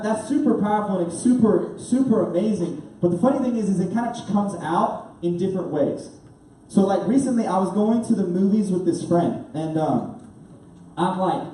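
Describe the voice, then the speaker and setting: A young man telling a story in a youth sermon, animated and laughing, full of "like" fillers. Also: fairly high pitch. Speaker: youth pastor. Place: church youth room. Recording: very echoey room, speaker far off.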